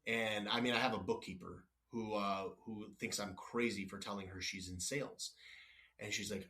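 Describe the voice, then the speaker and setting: A man's voice: fairly low pitch, quick pace, fairly bright tone. A man guest on a podcast, telling workplace stories in a blunt, no-nonsense way, acting out back-and-forth exchanges, with frequent restarts. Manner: frequent restarts and apologies, wanders off topic. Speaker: company executive guest. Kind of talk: casual podcast interview.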